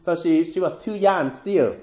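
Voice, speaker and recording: Hesitant high-voiced preacher in a roomy hall. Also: male voice, a little slow, dark tone. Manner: hesitant, many fillers and restarts, lifts his voice for quoted lines. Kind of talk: devotional talk retelling a saint's story. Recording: roomy, dull sound.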